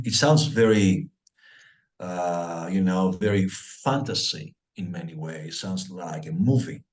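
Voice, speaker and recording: A middle-aged man from Greece, a guest on an interview podcast, telling his life story with lots of fillers and acted-out dialogue. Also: deep voice. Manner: animated storyteller acting out dialogue, many fillers.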